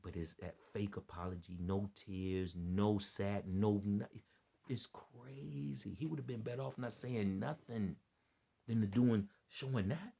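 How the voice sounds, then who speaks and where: A man's voice: fairly low pitch, a little slow, vocal fry, mellow, husky. A tired man speaking in a rambling, preachy vlog, repeating himself and appealing to his listeners. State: worn out and dead tired. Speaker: online preacher and commentator. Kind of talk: impassioned unscripted vlog commentary.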